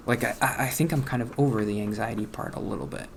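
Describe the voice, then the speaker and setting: A man in his late twenties talking softly and haltingly over a video game, trailing off and questioning himself. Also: medium pitch, vocal fry, slight background noise. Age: late 20s. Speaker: gaming channel host. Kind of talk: casual let's-play commentary with personal talk.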